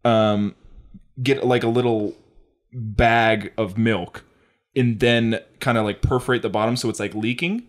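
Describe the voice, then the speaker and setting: A man co-hosting a comedy podcast, casually pitching sketch ideas and acting out character lines as he goes. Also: unhurried. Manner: animated, acts out lines and voices for characters. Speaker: podcast co-host. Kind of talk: casual sketch brainstorming chat.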